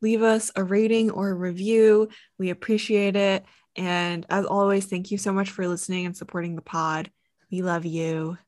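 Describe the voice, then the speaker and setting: A woman's voice: mid-range voice, fairly even intonation, moderate pace, darkish tone. A woman in her twenties co-hosting a podcast in casual chat, chatty and full of "like", laughing often. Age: 20s. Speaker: podcast co-host.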